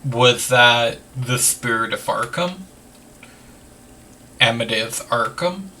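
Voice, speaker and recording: A man's voice: medium pitch, lively intonation, slow, sharp tone, recorded from a distance, a little hiss or hum. A man hosting a let's play, rambling casually with lots of "like" and the odd swear word. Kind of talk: casual gameplay commentary.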